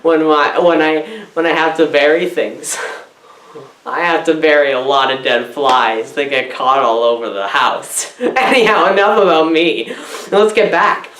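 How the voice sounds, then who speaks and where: A woman's voice: low-pitched, measured pace, fairly bright tone, roomy sound. A woman doing an absurd comedy film review, rambling and giggling, her voice swooping up and down erratically.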